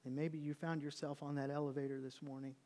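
Man, pastor, sermon, hushed and intense, slightly high voice. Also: level tone, quick pace. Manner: swings from hushed intensity to loud pleading acted quotes.

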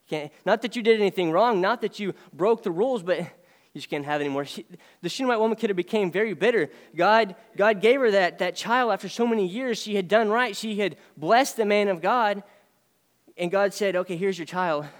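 A man preaching a sermon, earnest and emphatic, swinging between raised lines and quiet ones. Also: high-pitched, big-room sound. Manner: earnest, rising and dropping emphasis.

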